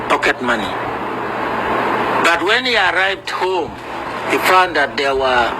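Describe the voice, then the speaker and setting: Male interviewee, slow and halting, loud street noise behind. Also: medium pitch. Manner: slow, halting, repeats words. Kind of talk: recalling in an interview.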